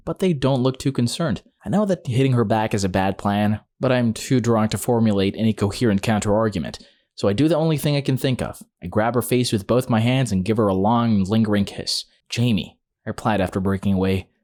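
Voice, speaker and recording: A man's voice: fairly low pitch, darkish tone. A man narrating a series of online stories in a scripted read-aloud style, speaking quoted lines in his own voice. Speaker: story narrator.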